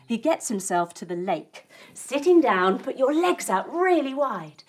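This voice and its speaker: A woman telling a yoga story for children in an animated, sing-song and encouraging way. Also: mid-range voice, a little slow. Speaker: kids yoga instructor and storyteller.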